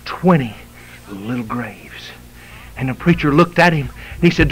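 A male preacher delivers a revival sermon, fervent and swinging from hushed storytelling to shouted exhortation. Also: medium pitch, animated, normal speed, slightly rough, low-quality recording.

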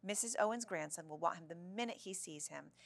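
A woman reading the lines of an eager, chatty young girl who loves animals, in a bright and eager way. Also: lowish voice, a little fast, creaky, dry recording.

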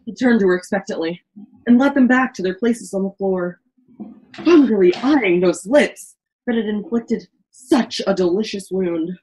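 A woman's voice: mid-range voice, normal speed, a little mellow, poor audio. A woman reading the narration of an amateur virtual stage play in a melodramatic way, often stumbling and restarting lines.

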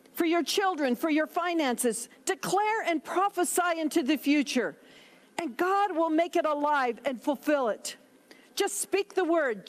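A woman pastor preaching a sermon, emphatic, reading scripture aloud between her own words. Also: high voice.

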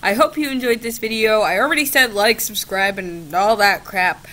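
A woman's voice: mid-range voice, moderate pace, bright, forceful tone. A young woman making a casual video at her laptop, chatting with a chatbot in a sarcastic, giggly, mock-exasperated way and swearing often. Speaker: gaming video creator. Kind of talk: casual chat with a chatbot on camera. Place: home, at a laptop.

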